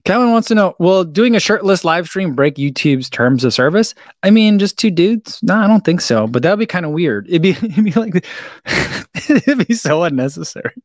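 In a room lined with shoes, a man hosts a laid-back live stream about running shoes, rambling through viewer questions and chuckling often. His voice sits high with lively intonation at a normal speed, and the recording is dry with clean studio sound.

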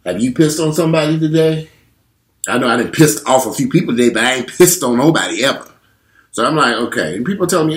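A man in his forties telling a candid, profane story straight to his viewers in an animated way. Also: mid-range voice, quick pace. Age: 40s. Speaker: vlogger.

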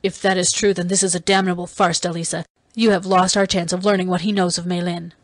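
A woman reading an audiobook voices a harsh man quick to rage, speaking low and bitter. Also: level tone, no echo, close to an everyday voice.

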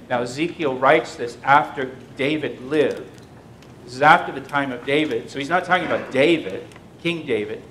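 A man's voice: a little high, fairly bright tone, slight background noise. A man, a pastor, giving a verse-by-verse sermon, reading scripture aloud with rising emphasis and explaining it plainly between verses.

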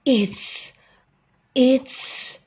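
A woman voicing an eager, polite young boy ox in a storybook, with excited, wonder-filled exclamations. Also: extremely slow. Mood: timid.

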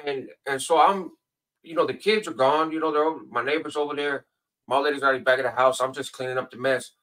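A man telling a long story as a guest on a casual show, acting out other people's voices in a high pitch. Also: fast, a bit bright, distant mic. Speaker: podcast guest. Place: home in Nevada.

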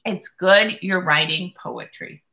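A woman reading aloud and voicing an out-of-work father in a storybook, sometimes gruff and sometimes gentle. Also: on the low side, takes it slowly, reverberant, full character voice.

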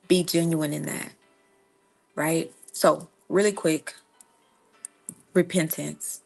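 A young woman speaks in an earnest, conversational way, often checking in with "right?". Her voice sits a little low and has a gravelly, fried edge. It sounds like a casual devotional livestream. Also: fairly even intonation, slow, pauses often, soft background music. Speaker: Christian livestream host.

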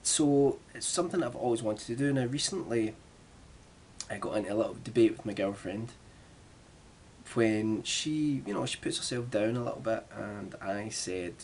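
A young Glaswegian man with a lowish voice talks to camera in a loose, chatty vlog style. He pokes fun at himself and wanders off into asides. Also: normal speed, darkish tone, slight background noise. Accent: Glaswegian Scottish. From Glasgow, Scotland. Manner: chatty and self-deprecating, with rambling asides. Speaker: vlogger. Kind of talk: casual vlog chat.

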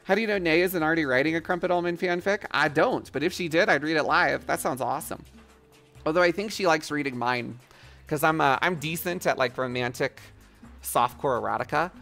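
A woman's voice: low voice, brisk, fairly bright tone, faint music behind. A woman streaming live in casual, playful chat, thanking viewers and joking crudely with frequent laughter. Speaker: livestreamer.

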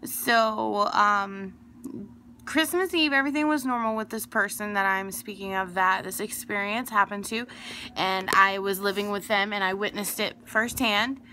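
Young woman, bright voice, rambling storytelling, faint hiss behind. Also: mid-range voice, fairly even intonation, moderate pace. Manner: rambling, digressive, emphatic. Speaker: vlogger telling a personal story. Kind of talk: casual storytelling to camera.

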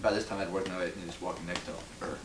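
A man's voice: low-pitched, fairly even intonation, rapid-fire, crowd noise. A middle-aged man casually telling a rambling anecdote to friends, laughing and acting out what people said. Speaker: storyteller. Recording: roomy, distant, noisy home recording.

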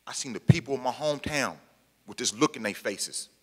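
A man's voice: medium pitch, expressive, fairly quick, a bit bright. Impassioned man speaking in an echoing hall. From Pacific Northwest, US. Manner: emphatic, repeats key lines, plain colloquial speech. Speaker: formerly incarcerated panel speaker. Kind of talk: impassioned public talk to an audience. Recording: long hall reverb.

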